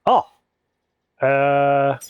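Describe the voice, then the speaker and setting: A man's voice: medium pitch, extremely slow, clean tone, no echo, muffled recording. A man chatting casually as he streams a video game, thinking aloud in an easygoing way. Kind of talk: casual live-stream commentary.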